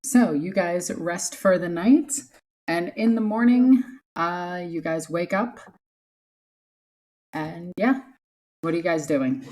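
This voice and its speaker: Slow-talking low-voiced woman game master. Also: darkish tone. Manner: laughing, easygoing. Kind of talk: narrating a tabletop game.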